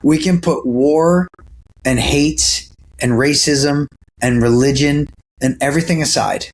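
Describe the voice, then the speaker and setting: A man's voice: a little high, a little slow, slight background noise. A man being interviewed as a guest actor, talking earnestly in casual chat with lots of fillers and restarts over a video call from home. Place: home, sitting near a camera.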